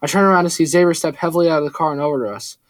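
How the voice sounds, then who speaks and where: A man reading a first-person story aloud in a steady, earnest way. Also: fairly high pitch, rapid-fire, no echo. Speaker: audiobook narrator. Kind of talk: first-person scripted narration.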